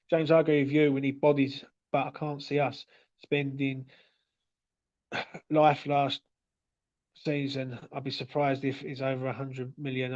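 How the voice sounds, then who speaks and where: A man's voice: mid-range voice, lo-fi sound. A man hosting a fan livestream, chatting casually and stumbling over his words, often tossing in "yeah?" and "mate". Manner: chatty, stuttery, tag questions like "yeah?" and "mate". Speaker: fan channel host reading viewer comments.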